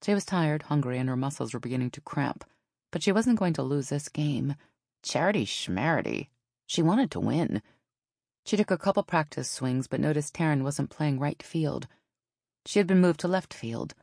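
A woman narrating a novel in an even storytelling manner. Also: deep voice, moderate pace, gravelly, no echo, clean studio sound. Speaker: audiobook narrator. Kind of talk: scripted narration.

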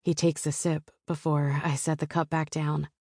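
A woman narrating a romance audiobook in the first person with a soft, intimate storytelling manner. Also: low voice, level tone, moderate pace, no echo, clean studio sound.

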